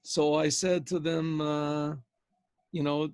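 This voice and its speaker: An older man, a rabbi, telling a rambling, animated story over a video call. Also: a little high, slow pace, clear, resonant tone, no room sound.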